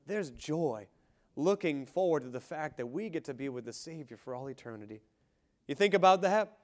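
A male pastor preaching with fervor, his voice sitting a little high for a man. He swings from ringing exclamations to hushed, drawn-out lines and keeps calling on the congregation for an amen. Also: lively intonation. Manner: fervent preaching, rising shouts and quiet drops, asks congregation for amen. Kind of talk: sermon.

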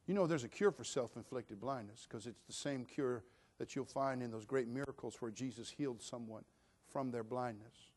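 A man preaching a sermon, dropping to a hush and then building to loud, fervent shouts. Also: mid-range voice. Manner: dynamic preaching, swinging from hushed to shouting. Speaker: pastor.

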